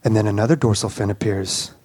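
A man telling a personal story aloud, halting and repeating words, with animated sound effects. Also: on the low side, breathy edge.

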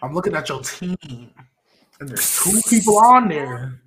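A man's voice: fairly high pitch, big pitch swings, measured pace, a crowd in the background. A man on a casual group podcast, laid-back and repeating phrases as he reads a list and asks for trades. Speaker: podcast co-host.

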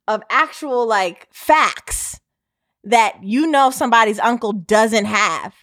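A woman with a fairly high voice co-hosts a casual podcast chat, walking through playful advice tip by tip and calling the listener "sis". The sound is close and dry. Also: expressive, slow, a bit bright, no echo. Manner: playful, gives advice in numbered tips, addresses listener as sis. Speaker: podcast co-host.

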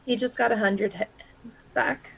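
Gravelly, husky woman at a game table. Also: fairly high pitch, steady tone, a little slow, fairly bright tone, rough recording. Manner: describes her actions in third person, thinking aloud. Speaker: player. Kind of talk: casual tabletop game talk.

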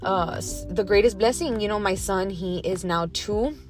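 A woman's voice: medium pitch, normal speed, faint music behind. A woman from Texas hosting her own podcast, talking candidly and a little shakily, loose with casual fillers. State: emotional, a little shaky. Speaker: podcast host. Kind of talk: casual solo podcast monologue.

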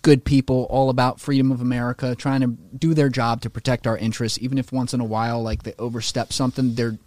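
A man's voice: medium pitch, quick pace, no room sound. Opinionated man in casual podcast chat. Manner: animated, opinionated, swearing, putting on mocking voices for quotes.

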